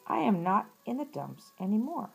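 A woman's voice: mid-range voice, sing-song, normal speed, vocal fry, slightly rough, pitched above the performer's own voice, exaggerated voice, low-quality recording. A woman reading as a lazy grumbling storybook toad. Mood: earnest. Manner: whiny, putting things off.

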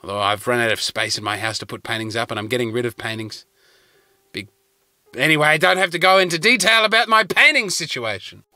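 Bright-voiced Australian man rambling comically. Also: mid-range voice. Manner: chatty and self-mocking, with sudden outbursts. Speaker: comedian and podcast host. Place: parked car.

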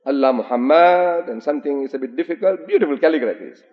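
Older man lecturing in an echoey hall. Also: fairly high pitch. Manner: animated storyteller, slow for emphasis, recites Arabic. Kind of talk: public lecture with storytelling. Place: large hotel lecture hall. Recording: dull, echoey 1980s lecture hall recording.

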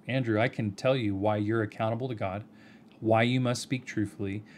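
A man giving an earnest, measured video response, addressing someone directly by name and pressing his points with rhetorical questions. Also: on the low side, fairly even intonation, slight background noise. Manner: earnest, argumentative, addresses the other person by name. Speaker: video commentator.

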